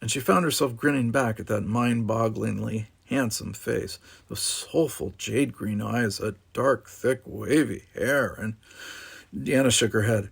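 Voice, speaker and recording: Gravelly-voiced man reading a novel aloud. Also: medium pitch, unhurried, fairly bright tone. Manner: wry, casual asides. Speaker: audiobook narrator.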